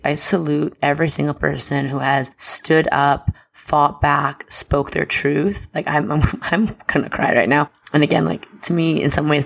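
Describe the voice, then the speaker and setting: A woman's voice: sits low, vocal fry. A woman hosting an astrology podcast, talking in an impassioned, emphatic and chatty way with lots of fillers. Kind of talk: casual podcast monologue.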